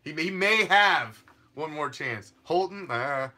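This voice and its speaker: A man's voice: fairly high pitch, animated, slow pace, sharp tone. A man hosting a fan sports show, ranting in a fired-up, profane and mocking way. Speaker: fan podcast host.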